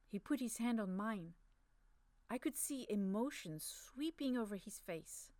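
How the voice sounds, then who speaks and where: A woman narrating a first-person story for an audiobook, soft, measured and intimate. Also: mid-range voice, animated, no room sound.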